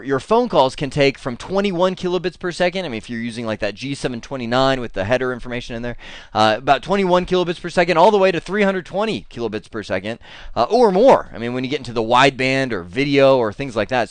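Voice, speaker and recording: A male instructor explains technical material in a loose, conversational way, often stopping to restart his sentences. His voice sits at an ordinary middle pitch. The recording is dry and close, with no room echo. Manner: conversational, many fillers and restarts. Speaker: networking instructor. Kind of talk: technical lecture.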